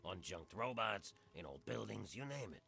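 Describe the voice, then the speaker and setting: A man voicing a world-weary ghoul townsman in a video game, with a rough, drawling folksy voice. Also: fairly low pitch, expressive, normal speed, pushed and bright, heavily acted. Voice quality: gravelly, rough voice.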